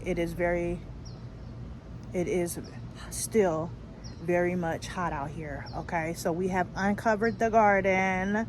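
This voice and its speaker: A chatty woman from California talks straight to her phone camera as she walks through a store and then her garden. Her talk is folksy and unhurried, full of y'all and asides. Steady background noise runs under the whole recording. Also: fairly low pitch. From California, USA. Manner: chatty, folksy, calls viewers y'all and child. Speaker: gardening vlogger. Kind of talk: casual vlog chat to camera. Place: store aisles and outdoor garden.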